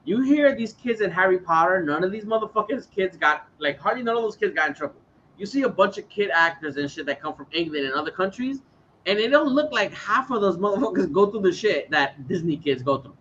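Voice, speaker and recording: A young man with a high, bright voice chats on a podcast, talking in slang and mixing in Spanish words. The sound is dull and lo-fi, with faint noise behind him. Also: expressive, a little fast. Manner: slangy, mixes in Spanish words, laughs a lot. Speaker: podcast co-host. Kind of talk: casual chat.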